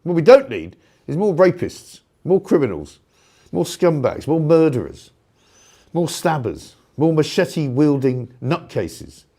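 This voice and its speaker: A male talk show host in full rant, sarcastic and indignant, his pitch swinging wildly between mocking highs and grumbling lows. His voice sits a touch high for a man, and he keeps breaking into loud, exasperated outbursts in the studio. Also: sing-song, unhurried. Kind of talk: heated opinion rant on live talk radio.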